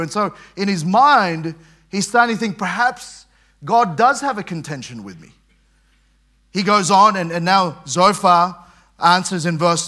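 Bright-voiced preacher man. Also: high voice, unhurried. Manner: conversational preaching with frequent repetitions and quoted scripture. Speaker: pastor. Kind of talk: sermon.

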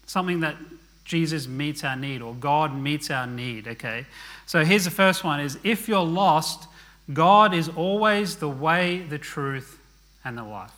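A man's voice: fairly high pitch, pushed and bright. A man preaching a sermon in an earnest, conversational way, dropping to a murmur at the ends of phrases. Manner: earnest, conversational preaching with frequent "okay?" asides.

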